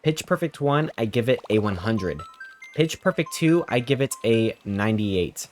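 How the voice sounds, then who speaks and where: Very low-voiced joking woman streamer. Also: expressive, normal speed, a little mellow. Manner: joking, chatty, reacting to chat. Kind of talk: casual live-stream chat. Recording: game music playing behind.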